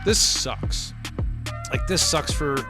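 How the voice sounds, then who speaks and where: A man's voice: a little high, animated, slow, over loud music. A man co-hosting a casual sports podcast, ranting and telling stories with plenty of swearing. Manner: profane, ranting, storytelling. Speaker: podcast co-host.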